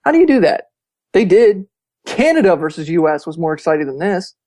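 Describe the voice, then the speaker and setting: A man's voice: sits high, fairly quick, no room sound. A man talking animatedly and emphatically as a guest in a casual podcast chat. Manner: animated and emphatic, with frequent laughs and restarts.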